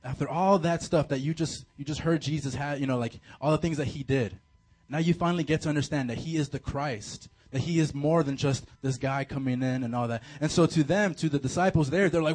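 A man preaching a casual, animated sermon to a youth group, full of slang and fillers. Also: on the high side, a little fast. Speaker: youth pastor.

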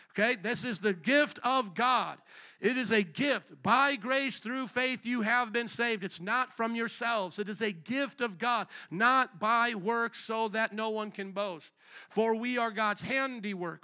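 High, bright-voiced preaching pastor. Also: male voice. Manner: call-and-response preaching, asks the congregation questions. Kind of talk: sermon. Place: church hall with congregation.

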